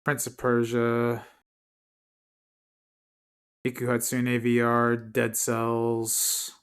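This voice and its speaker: A man's voice: medium pitch, completely flat delivery, very slow, fairly bright tone, clean tone. Rambling male streamer, casual chat. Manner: rambling, self-correcting asides.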